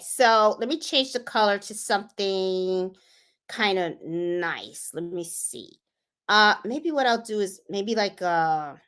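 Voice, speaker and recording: A woman hosting a live embroidery tutorial, chatting casually and thinking aloud as she clicks through design software. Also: mid-range voice. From Puerto Rico. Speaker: sewing and embroidery channel host.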